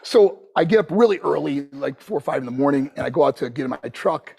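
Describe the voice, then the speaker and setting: A male guest in a casual chat, telling his story with animation and acting out what people said. His voice sits a bit high and sounds husky. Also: quick pace. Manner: animated, acts out quotes.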